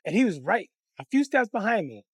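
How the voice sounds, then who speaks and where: A man telling a comic personal story in a profane, animated, conversational way. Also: sits high, brisk, slightly rough, no room sound, studio quality.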